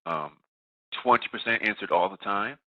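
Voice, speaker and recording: A man's voice: on the low side, normal speed, dry recording. Congested man moderating over a tinny line. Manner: steady, procedural, self-correcting. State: congested from a cold. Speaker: webinar moderator. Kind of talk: running audience polls. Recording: tinny phone-like line, dry.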